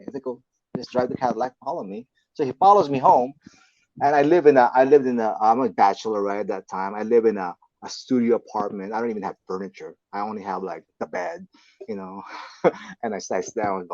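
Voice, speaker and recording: A man's voice: mid-range voice, brisk, creaky, no room sound, lo-fi sound. A man, a guest on a talk show, telling a story casually and acting out the dialogue in it. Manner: acts out quoted dialogue, animated. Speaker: podcast guest, martial arts teacher.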